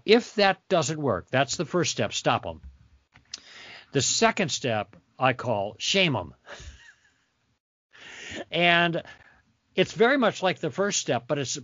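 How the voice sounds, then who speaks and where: A man's voice: medium pitch, no echo. A man being interviewed as a guest author, explaining conversation tactics in a teacherly way and acting out sample dialogue. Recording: dull lo-fi dry sound.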